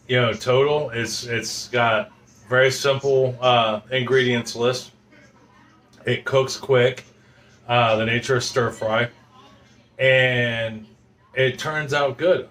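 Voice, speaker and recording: In his home kitchen, a man with a medium-pitched, slightly bright voice tastes the dish he cooked and chats casually for his cooking vlog. He rambles in a folksy way, filling his speech with lots of ums and uhs.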